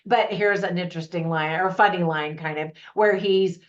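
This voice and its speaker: A woman's voice: lowish voice, fairly even intonation, moderate pace. Chatty woman reviewing movies, dull audio. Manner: chatty, opinionated, laughing asides. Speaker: movie reviewer, channel host. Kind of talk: casual to-camera review.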